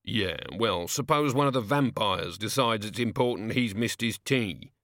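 A man voicing a grumpy working-class male doorman who talks low, gruff and muttering. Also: a little slow, fairly bright tone, dry recording, clean studio sound. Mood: grumbling.

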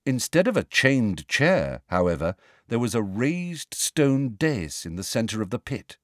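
Male narrator, audiobook reading, expressive, lively rise and fall, dry close sound. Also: medium pitch, a little slow, no echo.

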